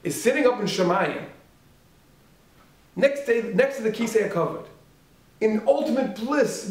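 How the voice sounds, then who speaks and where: A man, a yeshiva rabbi giving a sermon, animated and full of rhetorical questions, swinging from loud to hushed. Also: high voice, measured pace, pauses often. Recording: echoey room, speaker far from mic.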